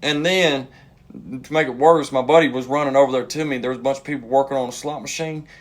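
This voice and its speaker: A man, a comedian casually telling a funny story and acting out the people in it with sudden high yells. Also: steady tone, quick pace. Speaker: stand-up comedian.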